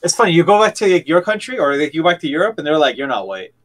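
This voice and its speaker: Guy hosting a podcast, talks fast, slangy, acts out the quotes. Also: a little high, fairly bright tone. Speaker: podcast host. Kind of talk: casual storytelling chat.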